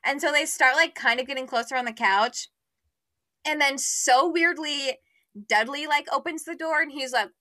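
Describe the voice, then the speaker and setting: A woman's voice: high-pitched, normal speed, bright, forceful tone, no room sound, studio quality. A young woman co-hosting a podcast in casual chat, retelling a story with lots of "like" and acting out the characters' lines. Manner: chatty, says "like" a lot, acts out characters' lines. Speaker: podcast co-host.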